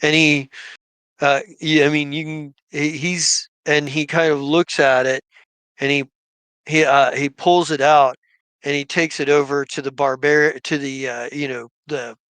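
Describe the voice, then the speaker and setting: A man's voice: fairly high pitch, level tone, measured pace, a bit bright, clear, resonant tone, no echo. A man narrating a tabletop game as game master, hesitant and full of restarts. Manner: hesitant, many fillers and restarts.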